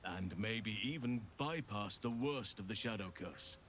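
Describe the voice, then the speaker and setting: A measured, formal ally in a fantasy game, lowish voice, faint ambience behind. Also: male voice, animated, a bit bright, a little hiss or hum. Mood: earnest.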